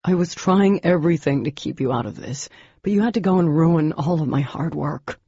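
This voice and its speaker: A woman voicing an intense, weary young man who speaks in an urgent, low, insistent way, in an audiobook. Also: normal speed, mellow, slightly rough, no echo, lo-fi sound.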